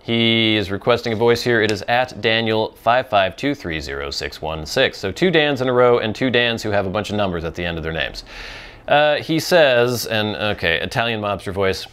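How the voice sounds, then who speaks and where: A man's voice: lowish voice, expressive, moderate pace, fairly bright tone, clear, resonant tone. A man hosting a pipe-smoking talk show, rambling through viewer questions in casual chat, with frequent ums and restarts.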